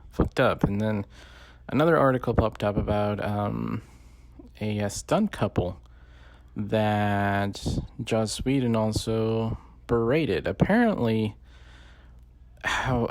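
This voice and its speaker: A man's voice: medium pitch, creaky, a little mellow. A man giving casual, rambling commentary full of swearing and fillers. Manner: profane, rambling, many fillers. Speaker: podcast host. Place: lives in the Bay Area.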